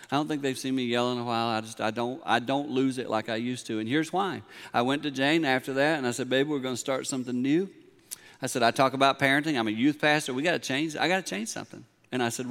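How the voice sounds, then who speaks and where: A middle-aged man, preaching a sermon in a large church, moving from quiet storytelling to emphatic points. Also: mid-range voice, clear, resonant tone. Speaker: pastor. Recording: long hall reverb.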